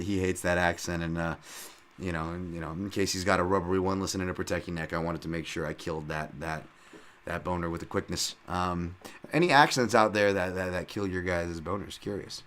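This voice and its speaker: A man's voice: deep voice, steady tone, a little fast, a bit bright. A male podcast host giving a casual, rambling fight-betting breakdown, full of fillers, restarts and casual swearing.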